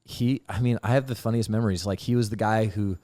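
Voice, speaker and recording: Man, casual interview storytelling, animated, swearing, loud quoted lines, emotional. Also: fairly low pitch, fast. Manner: animated, swears freely, acts out quotes loudly. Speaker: actor interviewee.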